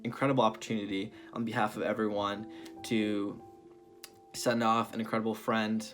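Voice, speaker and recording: A man's voice: fairly low pitch, flat delivery, moderate pace, fairly bright tone. A young man opening a recorded tribute with an upbeat, friendly greeting. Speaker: college student giving a tribute. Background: guitar music.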